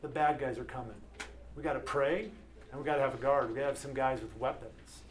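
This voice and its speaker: A man in his thirties preaching an earnest, animated sermon to a men's group as pastor. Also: medium pitch, fairly quick, slight background noise. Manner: earnest, animated, acts out quoted voices.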